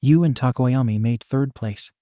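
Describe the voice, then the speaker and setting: A man's voice: mid-range voice, normal speed, no room sound, studio quality, natural voice. A man doing an earnest, thoughtful teen boy. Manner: bright, earnest.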